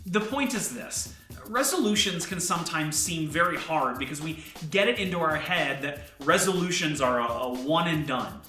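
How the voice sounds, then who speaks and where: A man hosting a comedic devotional vlog in a playful, self-mocking yet earnest way. His voice is bright and fairly high, with pitch that leaps around. The sound carries an echoey room. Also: lively intonation, normal speed, soft background music. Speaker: host.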